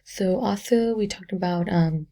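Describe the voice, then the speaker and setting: Husky, gravelly young woman, chatty. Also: mid-range voice, a little slow, mellow. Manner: chatty, filler-heavy, self-correcting. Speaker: education student. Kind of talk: casual spoken book reflection.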